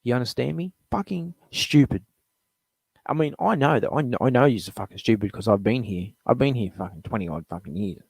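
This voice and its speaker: A man's voice: lowish voice, animated, fast talker, hardly any pauses, a little mellow, husky, no room sound. A middle-aged man hosting a live show, ranting bluntly with lots of swearing, rambling between topics. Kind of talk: profane sports fan rant.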